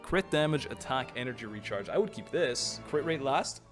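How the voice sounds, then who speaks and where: A man's voice: medium pitch, lively intonation, moderate pace, faint music behind. A man giving casual, chatty commentary on his gameplay, joking and laughing often. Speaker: gaming streamer.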